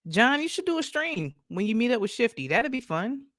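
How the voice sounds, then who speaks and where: A Michigan woman hosting a late-night livestream speaks in a sing-song, fairly bright voice on the high side, at a brisk pace. She chats casually, laughs often, addresses viewers directly and reads out stories and chat. The recording is clean studio sound with no room sound.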